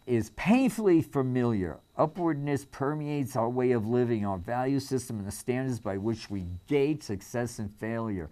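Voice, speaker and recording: A man's voice: mid-range voice, warm tone. A man reading a text aloud as host, breaking off often with fillers, restarts and his own remarks. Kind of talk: casual spoken commentary on a reading.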